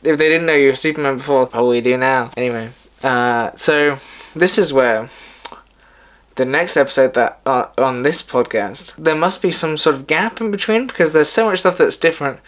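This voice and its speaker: A man's voice: mid-range voice, moderate pace, a bit bright. A man hosting his own video, casually retelling a story in a rambling way with many filler words and restarts. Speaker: video host.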